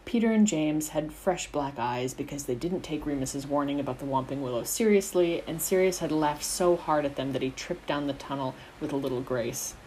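Storyteller, woman, deep voice, steady reading, faint background hiss. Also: moderate pace, few pauses, poor audio. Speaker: narrator, audiobook reader. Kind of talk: fan fiction audiobook narration.

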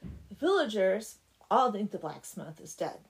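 A woman's voice: mid-range voice, very animated, measured pace, vocal fry, low-quality recording. A woman casually retelling a folk tale, chatty and full of "like". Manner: chatty, peppered with "like". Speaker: storyteller.

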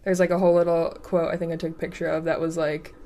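A woman's voice: fairly low pitch, flat delivery, fast, mellow. Upbeat woman podcast co-host. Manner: upbeat, rambling, gives travel tips. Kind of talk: casual chat.

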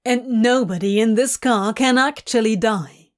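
A woman's voice: a little high, animated, takes it slowly. A woman voicing a smug, mocking male demon in a storybook reading. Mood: confident. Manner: mocking, drawling.

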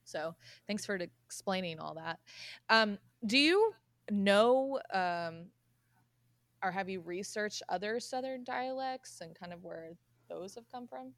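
A woman hosting a casual conversation, relaxed and reflective. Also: mid-range voice, takes it slowly, dry recording.

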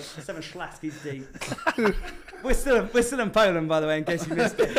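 A man hosting a podcast, telling a story in a casual, animated way and laughing as he goes. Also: high voice, very noisy. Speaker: podcast host.

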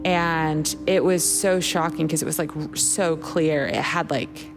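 A woman's voice: low-pitched, fairly even intonation, a little slow, over music. A young woman co-hosting a podcast, telling a story in a casual, rambling way, full of "like" and the odd swear word. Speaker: podcast co-host.

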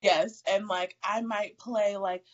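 A woman guest and mother chatting on a podcast in a relaxed, chatty way, laughing often. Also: mid-range voice, takes it slowly, muffled recording. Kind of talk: casual podcast chat.

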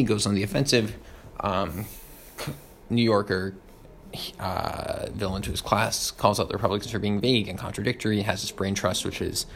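A young man reviewing history fast, with lots of ums and uhs, over faint background noise. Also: lowish voice, creaky. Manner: quick, with many ums and uhs. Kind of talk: rapid study review.

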